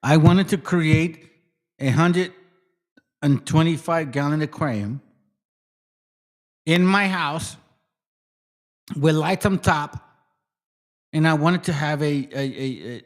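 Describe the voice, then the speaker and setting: Rambling, cursing man with a higher voice. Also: expressive, measured pace, long pauses. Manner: rambling and profane, trailing off into quiet mutters. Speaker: livestream host. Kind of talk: casual livestream chat.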